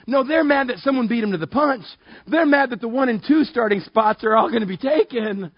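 A man preaching a sermon in a casual, joking way that builds to loud, emphatic passages. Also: high voice, very animated, brisk, husky, no room sound, highs cut off. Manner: conversational, jokey, rising to loud emphatic preaching. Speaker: pastor.

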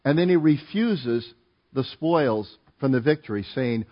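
A man's voice: medium pitch, animated, unhurried. A middle-aged man preaching a sermon, telling stories in a conversational, rambling way with fillers and restarts. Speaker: pastor. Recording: dull lo-fi sound.

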